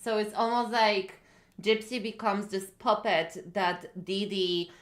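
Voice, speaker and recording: A woman co-host chatting casually, hesitant and full of fillers. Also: medium pitch. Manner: unhurried and hesitant, with many fillers. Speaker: podcast co-host. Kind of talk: casual chat.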